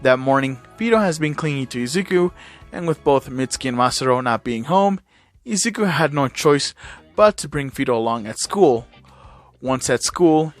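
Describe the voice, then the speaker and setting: A man reads a fan-made story aloud at an easy, even pitch, now and then tripping over a word or adding a filler. Soft music plays quietly behind him. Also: normal speed. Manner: casual, with small slips and fillers. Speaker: channel host reading fan fiction. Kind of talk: casual reading of fan fiction.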